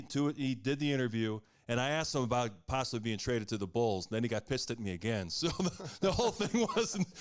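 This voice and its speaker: A podcast host tells a loose, rambling story in easy conversation and laughs readily. His voice is smooth and clear, at an ordinary pitch for a man. The talk is relaxed and unhurried. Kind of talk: casual chat.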